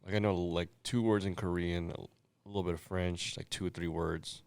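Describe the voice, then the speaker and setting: A man's voice: low voice, fairly even intonation, normal speed, darkish tone, clean tone. A man co-hosting a podcast in casual chat, joking crudely and swearing often. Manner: crude joking, puts on silly voices. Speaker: podcast co-host.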